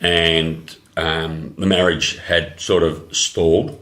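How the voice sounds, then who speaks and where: A man, a podcast guest, speaking quietly and haltingly in casual chat. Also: rumbling low, little pitch movement.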